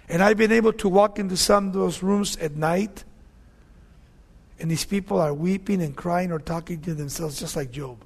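Man preaching a sermon, gravelly fry in the voice, conversational, asks "you see?". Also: sits high. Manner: conversational preaching, asks "you see?", swings between loud readings and soft asides. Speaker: pastor. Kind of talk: sermon, verse-by-verse Bible teaching.

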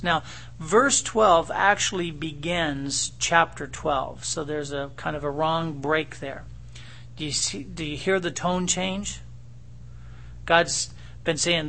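Middle-aged male pastor, bright forceful tone, expository sermon, pleading when he reads scripture. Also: a little high, steady tone, takes it slowly, gravelly. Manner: reads scripture aloud with rising, pleading emphasis.

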